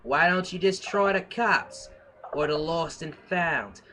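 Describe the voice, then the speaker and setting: A man voicing a gruff, hard-boiled male private eye with a put-on Brooklyn accent and a tough-guy swagger. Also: fairly high pitch, slow pace, bright, forceful tone, a little hiss or hum, voice pushed up. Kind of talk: comic dramatic reading.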